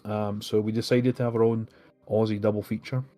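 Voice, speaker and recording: Man, podcast co-host, casual chat, relaxed tone, lots of ums and laughs. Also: fairly low pitch, brisk, soft background music. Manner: laughs often, many fillers.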